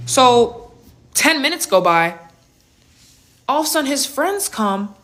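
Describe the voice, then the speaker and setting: A woman in her twenties telling a storytime in a slangy, animated way with big reactions. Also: fairly high pitch, unhurried. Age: 20s. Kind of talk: storytime vlog.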